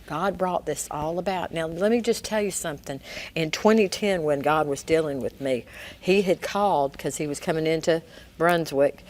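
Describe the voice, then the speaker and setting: Low-voiced woman telling a personal story. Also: normal speed. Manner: animated storytelling, acting out quoted dialogue. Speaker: guest. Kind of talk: personal testimony in a Christian talk interview.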